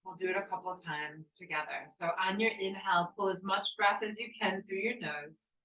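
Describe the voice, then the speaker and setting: Calm woman guiding breathwork, off-mic. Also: mid-range voice, normal speed, echoey room, distant mic, poor audio. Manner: calm, encouraging counting cues. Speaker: yoga instructor. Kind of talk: guided breathwork class.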